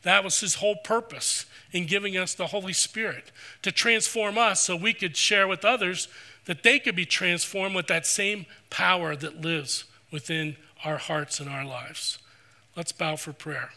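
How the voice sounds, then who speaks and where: Bright-voiced preaching pastor, man. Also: sits high. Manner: earnest, preacherly, slows for scripture. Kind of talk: sermon. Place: church sanctuary.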